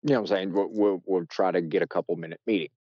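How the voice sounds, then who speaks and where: A deep-voiced man from the United States rambles through a story as a podcast guest, restarting phrases and leaning on fillers. He gets loud when he acts out what people said. The audio is dry and muffled. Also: steady tone, rapid-fire, no echo. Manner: shouts loudly when acting out quotes. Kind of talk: casual storytelling.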